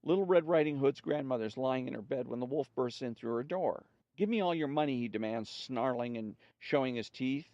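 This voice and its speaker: A man hosting a story podcast, reading jokes aloud in an unhurried, conversational way. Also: mid-range voice, darkish tone, dry recording, dull audio.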